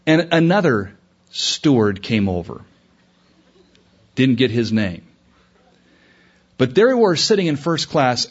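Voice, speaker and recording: A pastor preaching to his congregation, his voice a little husky and his delivery animated, jumping upward on key points. The recording sounds dull and muffled, like an old sermon tape. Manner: animated, rising in pitch when emphatic. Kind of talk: sermon storytelling.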